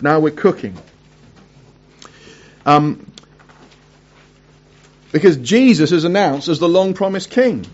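A man preaching a sermon, reading scripture aloud and breaking off for chatty asides and quick self-corrections. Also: fairly high pitch, animated, a little mellow, dull audio.

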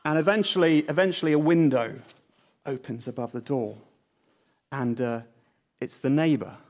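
A man preaching a sermon at the front of a church, telling a Bible story in a playful, animated way. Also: medium pitch, normal speed.

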